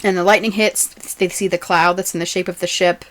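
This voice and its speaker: A woman's voice: on the low side, level tone, fairly quick, fairly bright tone. A woman co-hosting a podcast, chatting casually and often laughing as she recaps a TV episode. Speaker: podcast co-host.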